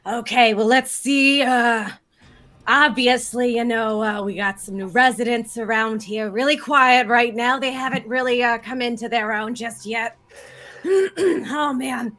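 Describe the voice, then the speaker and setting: A woman's voice: a little high, unhurried, a bit bright. A woman voicing the gossipy ghost of an old small-town woman, with a Southern US accent and rambling, folksy chatter. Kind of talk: tabletop role-play.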